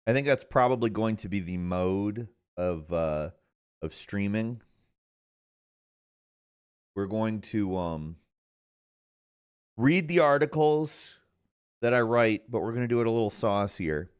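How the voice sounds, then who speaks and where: A man's voice: lowish voice, lively intonation, takes it slowly, pauses often, clear, resonant tone. A man hosting a live stream, chatting casually in a rambling way with lots of restarts. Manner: rambling, hesitant, many restarts. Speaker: streamer host.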